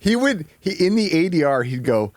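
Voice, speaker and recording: A man chatting casually on a live stream. He swears often, thinks aloud, mocks himself and jumps into high outbursts. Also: normal speed, no echo, clean studio sound. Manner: excitable, swears a lot, sudden high-pitched outbursts; self-mocking, thinking aloud.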